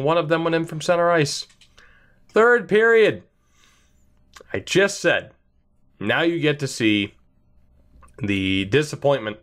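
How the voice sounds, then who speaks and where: Male game commentator, sarcastic, slightly high voice, swinging pitch. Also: fairly bright tone. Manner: sarcastic, self-mocking. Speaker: gaming channel host. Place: indoor room by a wall. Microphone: desk mic facing camera.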